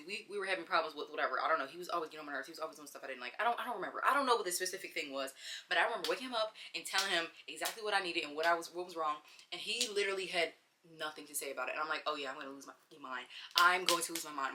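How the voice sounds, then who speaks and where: A woman's voice: on the low side, noisy background. A young woman vlogging at home, telling a personal story while eating, candid and rambling, full of fillers and restarts. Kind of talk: casual girl-talk storytime while eating. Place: at home, wearing a bonnet.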